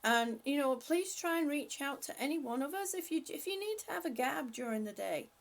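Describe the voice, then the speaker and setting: An older woman hosting a casual livestream, calling out gentle stretches and chatting with viewers as she reads their comments aloud. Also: high voice, expressive, a little fast. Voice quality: breathy at times. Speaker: livestream host leading stretches. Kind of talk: casual livestream chat and exercise cues.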